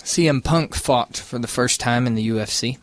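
A man's voice: medium pitch, normal speed, dry recording. A man hosting a morning radio show, teasing his co-hosts and reading out light news items.

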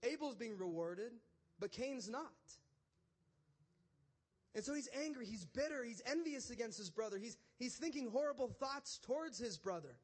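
A young male preacher with a light, high voice, telling his sermon like a chat with friends. He keeps it casual and animated, tossing in "like" and "right?" as he goes. His pace jumps between quick bursts and slower, stressed points. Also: slightly rough. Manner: casual, conversational, animated storytelling with frequent "like" and "right?".

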